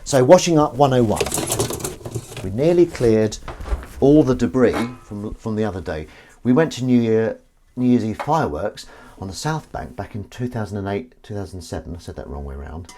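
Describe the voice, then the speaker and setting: A man's voice: lowish voice, lively intonation, moderate pace, warm tone, slight background noise. Rambling man washing dishes. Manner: rambling, self-deprecating, reads out chat comments. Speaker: livestream host. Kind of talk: casual chat while washing up. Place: home kitchen. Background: clinking dishes and cutlery.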